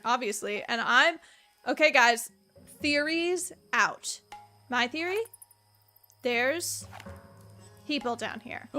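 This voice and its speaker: Bright, excitable young woman gamer. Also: a little high. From Southern United States. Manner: excitable, laughs and gasps a lot, jokey. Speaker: game streamer. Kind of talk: casual gameplay commentary. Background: faint game music.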